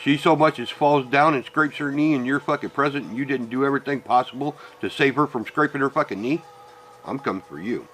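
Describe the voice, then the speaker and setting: A middle-aged man delivers a heated, profane rant straight to his viewers. His voice is bright and forward, and he talks bluntly, often swearing for emphasis. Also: medium pitch, brisk. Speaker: vlogger. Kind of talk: ranting personal monologue.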